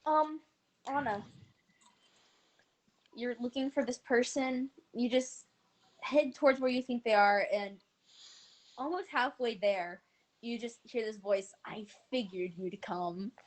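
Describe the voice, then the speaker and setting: A woman narrating as game master of a tabletop role-play, describing scenes and answering players in a relaxed way. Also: a little high, slow, pauses often.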